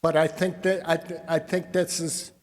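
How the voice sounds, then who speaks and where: A man's voice: a little high, flat delivery, moderate pace. A man giving a conference talk on grain marketing in a folksy, wry way, calling his audience "people.". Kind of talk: conference presentation. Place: convention hall. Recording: long reverb of a large hall.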